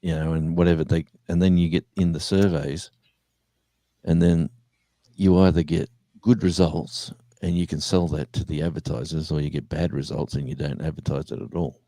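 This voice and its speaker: Live-stream host, man, deep and dry close-mic sound, loose chatty anecdotes. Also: steady tone, moderate pace, warm tone, no echo. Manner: rambling storyteller, acts out voices in anecdotes, chuckles. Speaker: former radio presenter, show host. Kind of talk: casual live-stream chat.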